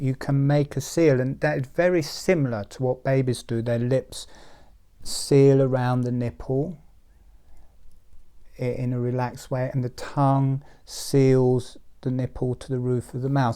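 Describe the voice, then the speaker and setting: A man guides listeners through a relaxation and breathing exercise. He speaks very slowly and calmly, with a mellow, warm tone and gentle step-by-step instructions. His voice sits at an ordinary male pitch. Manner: slow, soothing step-by-step instructions.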